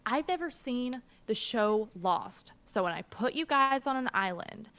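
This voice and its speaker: A woman's voice: on the high side, lively intonation, a little slow, fairly bright tone, no room sound. A woman running a tabletop role-playing game on a live stream, upbeat and giggly, often restarting her sentences. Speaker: game master.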